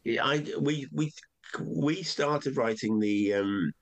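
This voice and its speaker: An older man, a comedian guest, telling rambling anecdotes in relaxed chat, often acting out what others said. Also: medium pitch, slow pace, muffled recording. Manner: rambling, with many restarts and acted quotes.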